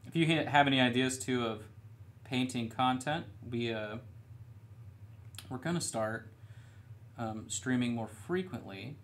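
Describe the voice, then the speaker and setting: A young man talks unhurriedly at medium pitch, pausing often as he paints miniatures on stream in a studio room. He's laid-back and meandering, with a self-deprecating streak.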